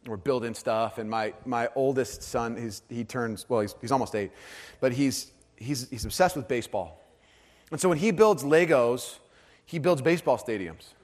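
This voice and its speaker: A man in his thirties preaching a sermon, earnest, moving between hushed and animated storytelling. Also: mid-range voice, moderate pace. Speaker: pastor. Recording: hall with long reverb.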